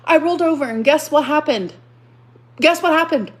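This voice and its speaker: A woman with a fairly high voice pours out an emotional live stream rant. She keeps circling back over the same phrases, swearing as she goes, agitated and worked up. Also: lively intonation, fast. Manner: agitated, repeats herself, swears.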